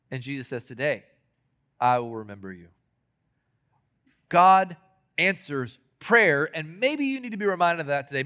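A man delivers a sermon, his voice sitting noticeably high for a male speaker. He retells scripture stories with earnest, deliberate emphasis. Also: fairly bright tone. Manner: earnest preaching, quotes scripture, dramatic pauses. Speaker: pastor.

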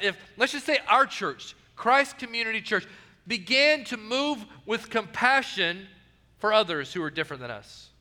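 A male pastor preaching with a high, bright voice. He is earnest, repeats his key phrases and sinks soft and low on quoted lines. The sound rings in a reverberant church hall. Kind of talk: sermon.

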